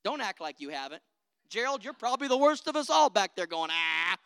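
Woman preacher going hard, high bright voice, dry close sound, keeps asking for amens. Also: big pitch swings, a little fast, no room sound. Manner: emphatic, rousing, calls for amens. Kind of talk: sermon.

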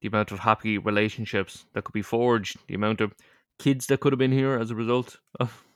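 A man's voice: lowish voice, little pitch movement, brisk, fairly bright tone, no room sound, clean studio sound. A man co-hosting a podcast in casual chat, teasing and supportive.

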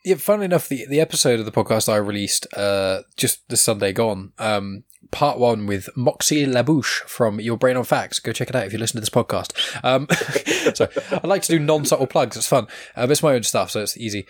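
A man's voice: mid-range voice, lively intonation, a little fast, few pauses, no echo. A man with a southern English accent hosting a podcast in casual chat, laughing often and swearing freely. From southern England. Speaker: podcast host. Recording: dry close mic.

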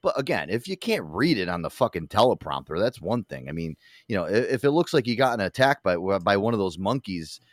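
A man's voice: fairly low pitch, big pitch swings, a little fast, few pauses, no echo, clean studio sound. A man hosting a podcast in casual, profane chat, ranting and mocking with plenty of swearing. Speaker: podcast host.

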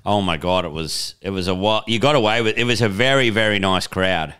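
A man's voice: on the low side, a little fast, fairly bright tone, smooth. A man co-hosting a casual podcast chat, laid-back, reacting briefly and swearing. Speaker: podcast co-host.

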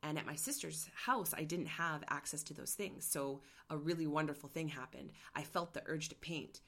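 Her voice is deep and a bit bright, and she talks at a moderate pace. An artist in middle age who hosts her own show, she opens up about a personal story and grows emotional enough to get choked up.

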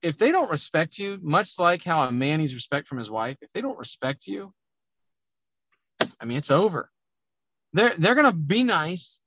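Loud, emphatic man on a dull podcast line. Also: fairly high pitch, normal speed, long pauses, no echo. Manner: loud, emphatic, animated talker. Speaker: auto repair business coach. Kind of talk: conversational podcast interview.

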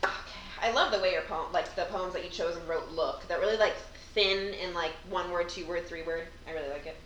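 A woman's voice: fairly low pitch, a little fast, fairly bright tone. A woman co-hosting a casual chat, reading poems aloud and teasing her friend playfully. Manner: playful, teasing, laughs often. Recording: echoey room, slightly distant mic, faint background hiss.

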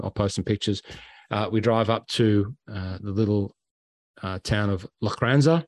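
An Australian man hosting a podcast tells travel stories in a casual, animated way, acting out the quotes and sounds he describes. His voice sits on the low side, and there's no room sound.

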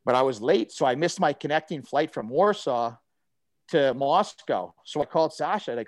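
A middle-aged former hockey player, a man, tells a long story in a casual chat, rambling and animated, full of fillers and restarts. His pitch is fairly high, his speed normal, and there is no room sound.

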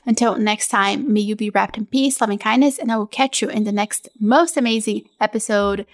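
A woman in her thirties hosting a casual solo podcast from home, talking in a gushing, upbeat sales pitch. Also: brisk. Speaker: podcast host.

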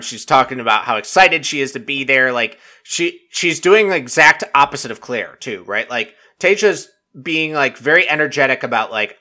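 A man's voice: medium pitch, sharp tone. A man chatting casually and rambling through a TV recap, packing his talk with fillers and swearing freely. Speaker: reality TV recap vlogger. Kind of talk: casual chat.

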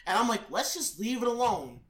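A man's voice: high-pitched, sing-song, brisk. A man co-hosting a podcast in casual chat, exasperated and dramatic, swearing freely. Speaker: podcast co-host. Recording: roomy echo.

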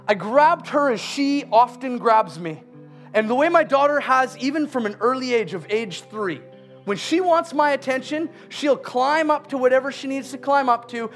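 A man with an unusually high voice tells a sermon story about his daughter. He is animated and laughs along the way, slowing to a crawl on the key lines. Faint music plays underneath.

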